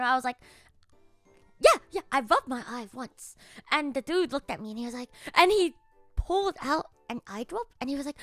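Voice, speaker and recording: High, lively woman streamer. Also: dry recording. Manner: animated, swears a lot, frequent laughter. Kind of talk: casual storytelling to chat.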